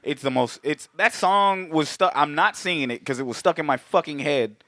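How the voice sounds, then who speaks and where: Podcast co-host, loose swearing movie recap, breaks into quick character voices, higher male pitch, dry close mic. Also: lively intonation, bright, forceful tone, no echo. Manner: profane, laughing, acts out characters in quick bits. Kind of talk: casual chat, movie recap.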